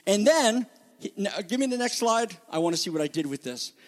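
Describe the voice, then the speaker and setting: A man preaching a sermon as pastor, moving from quiet, low scripture reading to loud, high emphatic declarations. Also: expressive, brisk. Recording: long reverb of a hall.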